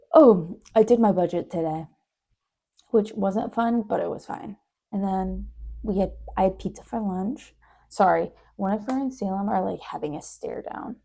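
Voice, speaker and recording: A woman's voice: medium pitch, expressive, a little slow, vocal fry, long pauses, dark tone. A young woman chatting sleepily through her video diary, rambling and sometimes dropping to a whisper. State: sleepy, yawning. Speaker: video diarist. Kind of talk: casual diary chat.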